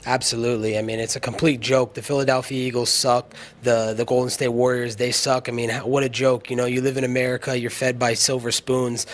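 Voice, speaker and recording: A man's voice: medium pitch, little pitch movement, brisk, few pauses. A man being interviewed, talking brash and combative trash talk. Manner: combative, boastful.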